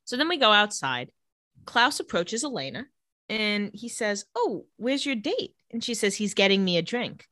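A woman's voice: mid-range voice, expressive, pushed and bright, no room sound, clean studio sound. A woman co-hosting a podcast, casually recapping episodes and quoting characters as she goes. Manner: retells scenes quoting characters in quick voices. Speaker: podcast co-host recapping a show.

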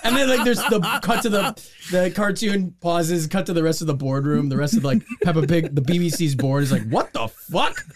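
A man co-hosting a comedy podcast, riffing crassly and excitably. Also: fairly high pitch, a little fast, crowd noise. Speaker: podcast co-host.

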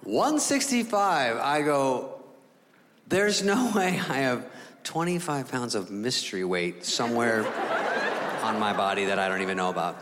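A man doing stand-up comedy, animated, jumping into other voices and sound effects. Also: medium pitch, normal speed, noisy background. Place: comedy stage before an audience. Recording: live in a hall with crowd laughter.

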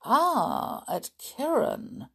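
A woman playing a tall inquisitive man, calm, probing, smooth, storybook. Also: a little high, extremely slow, pitched above the performer's own voice, exaggerated voice.

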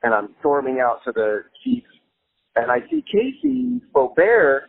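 Male storyteller, casual and animated, swears easily; very expressive pitch, phone-thin sound. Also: unhurried, creaky, husky, no room sound. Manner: animated, laughs while telling, swears freely. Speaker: musician telling a story. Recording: tinny phone-like sound with faint music.

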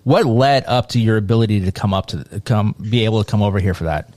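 A man's voice: fairly low pitch, fast talker, a little mellow, no echo. An American man hosting a casual interview, asking friendly questions. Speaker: host.

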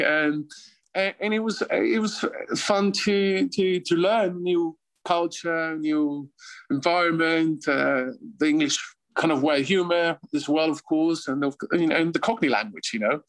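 Swiss and in his fifties, an ex-footballer guests on an interview, telling stories casually in a Swiss accent with frequent chuckles and rambling restarts. His voice runs high with a fairly bright tone, and the audio is poor.

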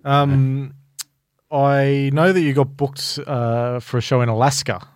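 Man co-hosting, calm and dry. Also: mid-range voice, slow, no room sound. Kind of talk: casual interview.

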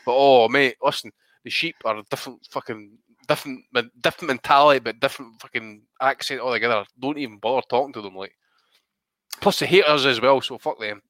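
A man's voice: medium pitch, a little fast, no room sound. A man co-hosting a casual boxing podcast, swearing a lot as he tells stories. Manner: sweary, animated storytelling. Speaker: podcast co-host.

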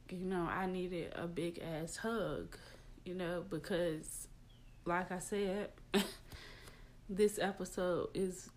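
A young adult woman hosting a personal podcast, talking in a confiding, emotional way with many fillers. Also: on the low side. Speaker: podcast host. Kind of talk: casual personal podcast talk.

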